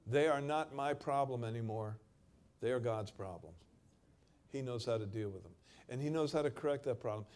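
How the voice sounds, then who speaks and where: During a sermon, a man reads scripture in a dramatic manner at a medium pitch. His volume swings from loud stretches to quiet, emphatic moments.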